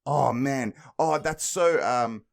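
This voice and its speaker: A man's voice: mid-range voice, slow pace, creaky. A young man, co-hosting a podcast, telling stories casually with lots of swearing and laughter. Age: young adult. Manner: swearing, laughing, animated storytelling. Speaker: podcast co-host. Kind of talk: casual chat, storytelling.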